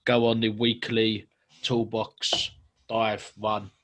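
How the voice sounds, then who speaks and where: A man's voice: on the low side, flat delivery, slow, fairly bright tone. A man hosting a casual podcast chat. He talks in a slangy, bantering way and laughs often. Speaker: podcast host.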